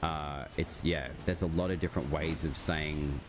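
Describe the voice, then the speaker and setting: A man with a rumbling low voice at normal speed streams a game and chats with viewers in a loose, rambling way. "Like" fillers come often, and steady background noise is present.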